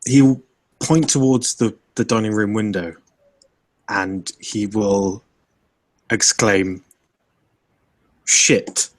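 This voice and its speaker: A man playing a tabletop role-playing game, describing his character's actions in a slow, halting way. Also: on the low side, fairly even intonation, dry recording. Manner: slow, halting, laughs often. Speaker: player.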